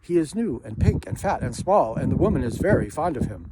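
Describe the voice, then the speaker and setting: A man's voice: a little high, sing-song, brisk. Guy reading as a gossipy little bat, storybook, hissy recording. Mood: newsy.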